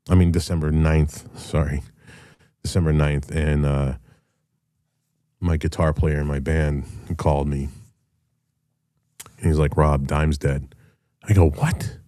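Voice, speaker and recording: Very deep-voiced profane middle-aged man. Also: little pitch movement, unhurried, pauses often, mellow, no room sound, clean studio sound. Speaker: show host and rock musician. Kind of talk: casual solo monologue.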